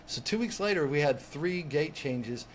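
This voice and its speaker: A man with a slightly raised speaking pitch tells a story as a guest, animated and quick to act out the voices of the people in it. He often restarts words mid-phrase, and his delivery rises and falls as he goes. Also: a little hiss or hum. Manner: lively, acts out quoted voices, restarts words. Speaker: executive coach, guest. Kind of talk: animated personal storytelling in conversation.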